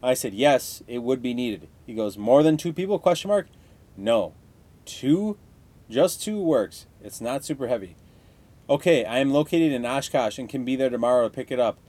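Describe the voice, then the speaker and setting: A man's voice: mid-range voice, lively intonation, moderate pace, darkish tone. A young man hosting a casual solo podcast, ranting heatedly with constant swearing. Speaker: podcast host.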